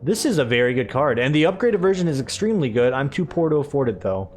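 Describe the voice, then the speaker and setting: A man's voice: mid-range voice, sing-song, quick pace, soft background music. A young man chatting casually through a let's play, rambling and self-deprecating. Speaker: gaming YouTuber.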